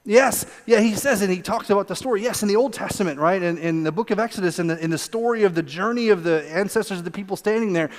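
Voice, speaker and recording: A man preaching a sermon as a pastor, animated, acting out quoted voices and repeating words as he goes. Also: high voice, fast talker, few pauses, in a large hall. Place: church sanctuary.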